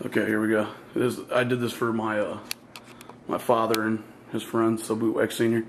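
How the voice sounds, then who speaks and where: A man's voice: on the low side, completely flat delivery, normal speed, a little hiss or hum. A goofy, playful middle-aged man chatting casually in a home vlog, sometimes talking with his mouth full, from his computer room at home. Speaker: vlogger.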